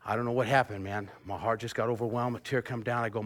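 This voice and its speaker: A man in his fifties preaching a sermon as pastor, lively and joking, bursting into song and laughter, then dropping to a quiet, earnest hush. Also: medium pitch, fast talker, hardly any pauses. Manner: animated preacher, bursts into sung snippets and laughter, drops to hushed tones.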